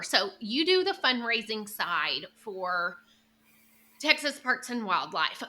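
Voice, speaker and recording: A young woman hosting a casual podcast, chatty and animated as she tells stories and asks questions. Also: medium pitch. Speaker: podcast host.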